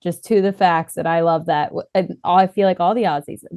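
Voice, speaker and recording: A woman's voice: fairly low pitch, steady tone, a little fast, a little mellow, smooth, dry recording, studio quality. A woman from the United States co-hosting a podcast, enthusiastic and laughing often in casual chat. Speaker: podcast co-host.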